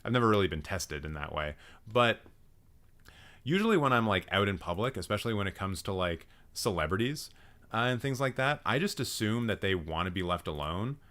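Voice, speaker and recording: A young man hosting a live stream, roasting viewers' film profiles with animated, profane, mock-outraged ranting and chatty asides. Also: sits low. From Canada.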